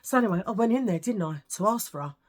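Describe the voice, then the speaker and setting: A woman's voice: mid-range voice, expressive, quick pace. A British woman vlogging, telling stories to camera in a chatty, ranting way with lots of asides. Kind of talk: casual storytelling to camera.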